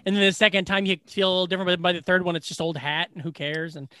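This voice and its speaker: A man co-hosting a podcast, retelling a film's scenes in a casual, profane, animated way. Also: sits high, fast talker, clean tone, no room sound, studio quality. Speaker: podcast co-host. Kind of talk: casual movie recap chat.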